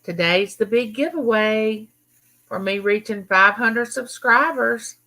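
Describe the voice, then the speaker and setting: A woman's voice: a little high, slow, sharp tone, rough recording. A middle-aged woman from Mississippi with a Southern accent, hosting a casual live chat and greeting viewers by name. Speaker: YouTube channel host.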